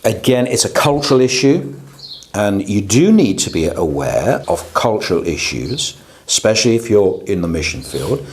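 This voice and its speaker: A man's voice: lowish voice, darkish tone. A man, a pastor, teaching a class on preaching in a conversational way, often checking in with his listeners. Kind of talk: lecture to a class.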